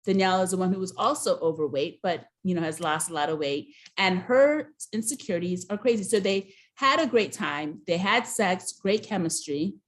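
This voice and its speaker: A woman co-hosting a casual recap show, telling the story with lively, acted-out dialogue. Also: lowish voice, moderate pace, hardly any pauses. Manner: animated storyteller, acts out quoted dialogue.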